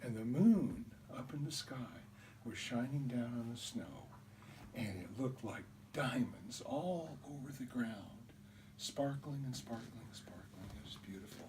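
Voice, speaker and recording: A man telling a childhood story in an animated way, acting out the voices, recorded on a distant mic with faint hiss. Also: medium pitch, a little slow. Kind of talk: told personal story.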